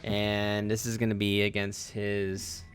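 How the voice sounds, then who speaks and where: A man's voice: fairly low pitch, monotone, slow pace. Casual male game master narrating. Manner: casual, loose narration with fillers.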